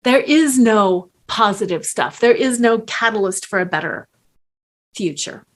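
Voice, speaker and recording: A middle-aged woman coach giving a slow, earnest motivational talk with strong emphasis. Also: medium pitch, animated.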